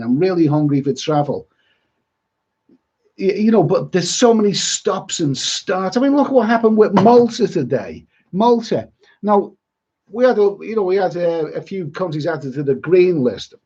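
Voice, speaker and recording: Rambling Liverpool man, husky and lo-fi. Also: high-pitched, lively intonation, normal speed, warm tone. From Liverpool, England. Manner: rambling, blunt, grumbling. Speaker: travel vlogger. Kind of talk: casual live-stream chat. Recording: dull lo-fi sound.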